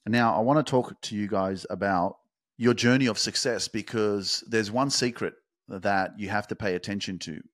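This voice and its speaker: A young man hosting a motivational podcast, talking straight to his listeners and swearing freely. He builds from plain talk to loud, fast, emphatic peaks. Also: lowish voice, no room sound, studio quality. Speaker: podcast host.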